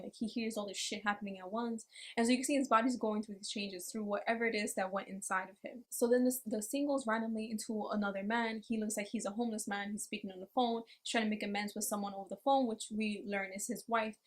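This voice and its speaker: A woman's voice: medium pitch, fast talker. A woman casually recapping an anime episode, swearing freely and acting out the lines as she tells it. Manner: profane, animated storytelling with acted quotes. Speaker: anime reviewer.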